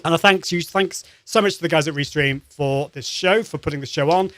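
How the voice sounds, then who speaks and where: A man hosting a live-streamed lesson, coaching voice warm-ups in an upbeat, encouraging way with many restarts. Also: a little high, a little fast. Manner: upbeat and encouraging, demonstrates sounds; conversational with frequent restarts.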